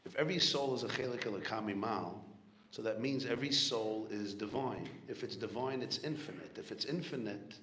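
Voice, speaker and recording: Man, rabbi, lowish voice, reflective sermon storytelling, echoey room with a faint background hum. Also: brisk. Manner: earnest, reflective storytelling with soft spoken asides. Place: community hall gathering.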